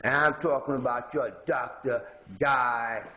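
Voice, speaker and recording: A man's voice: medium pitch, fairly even intonation, unhurried, sharp tone, echoey room, muffled recording. A man from Haiti delivering a rambling, confrontational monologue straight to his viewers in a home video blog. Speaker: video blogger. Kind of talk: ranting monologue to camera.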